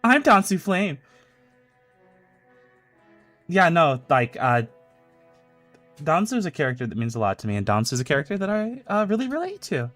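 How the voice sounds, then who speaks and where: A man's voice: fairly high pitch, sing-song, quick pace, a bit bright, faint music behind. Joking, foul-mouthed male streamer. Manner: loose, joking, swears freely. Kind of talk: casual stream chat and fan-fiction reading. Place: home streaming setup.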